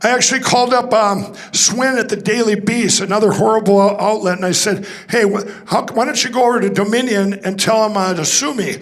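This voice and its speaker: A man's voice: sits high, brisk, few pauses, fairly bright tone. A man speaking to a conference audience, telling a rambling story with restarts and acting out the dialogue. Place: conference hall stage.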